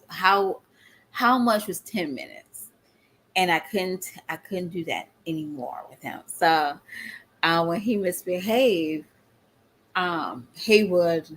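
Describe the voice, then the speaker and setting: A middle-aged woman chatting casually to her viewers, often laughing and calling them y'all. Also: fairly low pitch. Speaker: vlogger.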